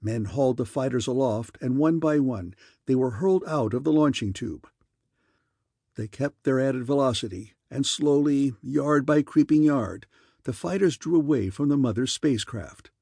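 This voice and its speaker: A man narrating a science fiction audiobook in a steady storytelling manner. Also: medium pitch, normal speed, creaky, no echo, clean studio sound. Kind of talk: scripted narration.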